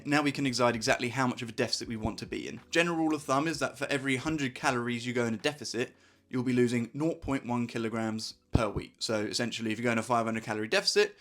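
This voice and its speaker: A man's voice: mid-range voice, a bit bright. A young man, chatting casually as he explains calorie deficits in a fitness vlog, upbeat and step by step. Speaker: fitness vlogger.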